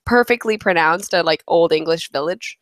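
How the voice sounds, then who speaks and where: A young woman co-hosting a casual podcast chat, sarcastic and animated, laughing often. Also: lowish voice, normal speed, no room sound. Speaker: podcast co-host.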